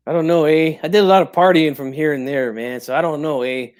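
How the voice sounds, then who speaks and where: A man's voice: fairly high pitch, steady tone, fast, darkish tone, clean tone, close to an everyday voice. A man doing a comic impression of a tipsy, proud older boxing father who tags nearly every phrase with "eh?" and drops Spanish slang. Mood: boastful. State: drinking, tipsy.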